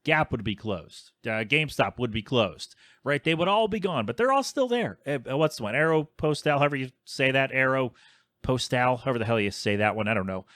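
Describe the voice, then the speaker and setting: A man's voice: medium pitch, very animated, brisk, few pauses, a bit bright, no echo, clean studio sound. A man in his thirties hosting a podcast, rambling casually with plenty of fillers and grumbling asides. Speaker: podcast host.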